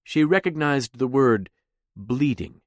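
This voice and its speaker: A man narrating a science-fiction audiobook in a measured, deliberate voice. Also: mid-range voice, animated, dry recording, studio quality. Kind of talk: scripted narration.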